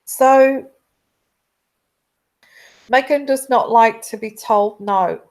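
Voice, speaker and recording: A woman giving a casual intuitive tarot reading, rambling with many halting restarts. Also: fairly high pitch, darkish tone. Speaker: tarot reader.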